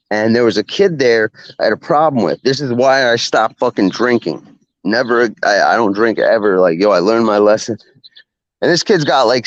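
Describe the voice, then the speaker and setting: A man's voice: medium pitch, dry recording. A young man casually telling a long story, profane and rambling, laughing now and then. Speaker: podcast host. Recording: dull lo-fi sound.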